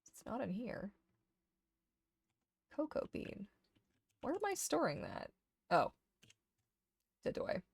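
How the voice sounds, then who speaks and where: A woman streamer casually chatting to herself while sorting items in a game, getting animated when something excites her. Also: on the high side, slow, creaky, long pauses, slightly rough, no echo. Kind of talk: casual gameplay chat.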